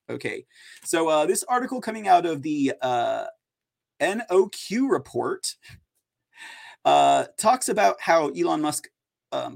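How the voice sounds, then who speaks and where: A man's voice: a little high, creaky. A man hosting an opinion news show, talking in a sarcastic, mocking way.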